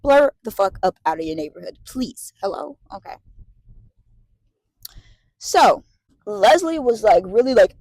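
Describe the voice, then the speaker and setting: A woman in her late twenties telling a story to the camera, animated and profane, repeating herself as she vents. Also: medium pitch, measured pace, long pauses, no echo, rough recording. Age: late 20s. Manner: animated, profane, repetitive venting. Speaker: vlogger.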